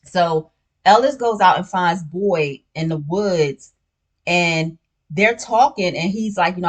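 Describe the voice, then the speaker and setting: Lady recapping a tv show, kinda low voice, slangy and chatty, keeps going "you know what i'm saying". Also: slow. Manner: sips a drink while talking. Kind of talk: casual spoiler recap.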